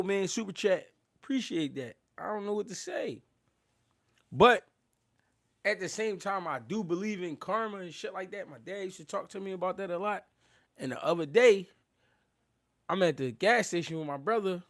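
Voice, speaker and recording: A man hosting a boxing live stream, chatting casually in loose street slang, laughing and thanking viewers. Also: high-pitched. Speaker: boxing livestream host.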